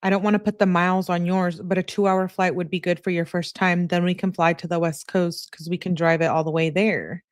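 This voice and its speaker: A woman's voice: lowish voice, little pitch movement, brisk, hardly any pauses, no room sound, studio quality. Woman casually reading out text messages. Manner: plain conversational reading with asides and self-corrections.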